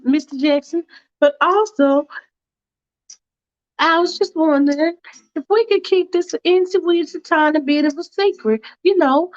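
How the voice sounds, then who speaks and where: A woman's voice: high-pitched, muffled recording, voice pushed up. Woman doing a bubbly, giggly churchgoing girl. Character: cheerful churchgoing young woman, giggly and polite.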